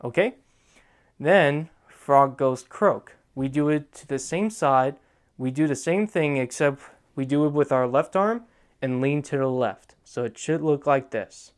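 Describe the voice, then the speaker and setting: A man's voice: a little high, expressive, clean tone. A young man hosting a dance tutorial, giving step-by-step instructions and checking in with "okay?" after each move. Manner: repeats "okay?" to check in, counts out moves slowly.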